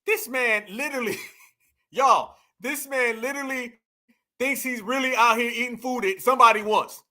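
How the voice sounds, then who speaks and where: A man with a very high, sharp voice gives mocking commentary. He laughs often and hammers the same phrases over and over. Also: moderate pace.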